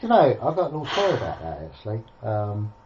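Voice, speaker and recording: A man's voice: fairly low pitch, huge pitch swings, quick pace, a little mellow, breathy edge, dull audio. A man co-hosting a casual live stream, telling rambling stories and laughing at himself. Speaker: co-host.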